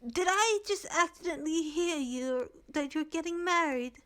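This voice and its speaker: Rich: A gushing young noblewoman from a story game, shrill and far higher than an everyday voice, as a woman puts her on. She spills out every line in breathless, squealing excitement, a born gossip who can't contain herself. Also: moderate pace.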